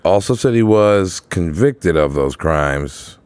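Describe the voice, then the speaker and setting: A man with a rumbling, very low voice hosts a casual podcast. He jokes, swears freely and talks loosely with his co-host. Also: lively intonation, slow, darkish tone, clean tone, dry recording. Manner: loose, profane, laughing banter. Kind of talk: casual chat.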